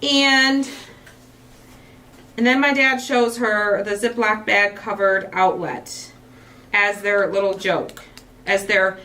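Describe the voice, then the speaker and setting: A woman's voice: medium pitch, fairly even intonation, takes it slowly, long pauses, sharp tone. A woman hosting a casual crafting livestream, a chatty storyteller who laughs often. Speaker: craft show host. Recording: distant mic with faint noise.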